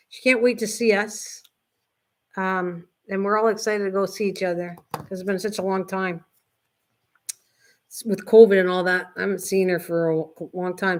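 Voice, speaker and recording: Older woman, livestream host, chatty and rambling, talks to her viewers. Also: mid-range voice. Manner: chatty, rambling, reads chat comments aloud. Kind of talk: casual chat with live viewers.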